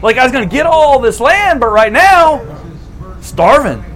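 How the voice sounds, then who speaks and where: A man's voice: extremely high pitch, very animated, measured pace, fairly bright tone, voice pushed up, heavily acted. A man playing a chatty, impatient old patriarch. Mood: exasperated. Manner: casual modern slang, talking straight to God.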